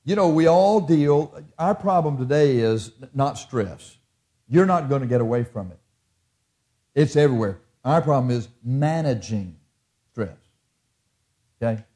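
A man's voice: mid-range voice, expressive, normal speed, warm tone. A man preaching a folksy, conversational sermon as a pastor, quoting hymn lyrics as he goes.

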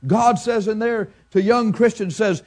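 An older man preaching a fervent sermon as pastor, building to loud emphatic peaks. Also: high-pitched, fairly even intonation, unhurried.

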